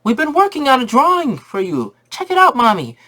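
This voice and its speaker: A man putting on two high, whiny little boys. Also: huge pitch swings, a little fast, pushed and bright, exaggerated voice. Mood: eager, pleading. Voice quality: high, childlike whine. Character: two small boys, eager and pleading.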